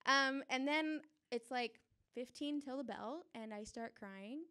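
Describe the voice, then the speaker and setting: A young woman tells a personal story on a theater stage before a live audience. Her voice sits a little high. She talks in an animated, chatty way and often breaks into laughter. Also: measured pace, clear, resonant tone. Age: young adult.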